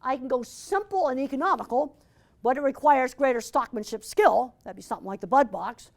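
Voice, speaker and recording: A woman's voice: high voice, brisk. An older woman giving a blunt, emphatic lecture with slides, repeating her key points. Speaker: animal science lecturer.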